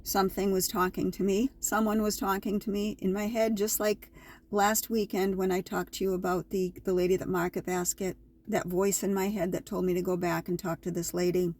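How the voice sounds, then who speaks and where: A woman's voice: medium pitch, flat delivery, normal speed, darkish tone. A woman vlogger casually telling her viewers a story, chatty and repetitive, with an indignant edge.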